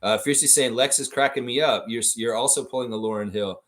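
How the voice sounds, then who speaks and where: A man's voice: mid-range voice, fast, fairly bright tone. A man hosting a casual livestream, reacting to a game and reading viewer chat aloud in a goofy, blunt, ranting way.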